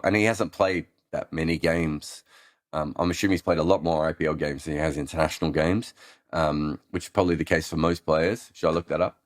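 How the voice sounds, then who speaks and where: A cricket analyst with a low-pitched voice chats casually through a live Q&A, responding to listener questions. His answers ramble, peppered with ums and restarts, in clean studio sound without echo.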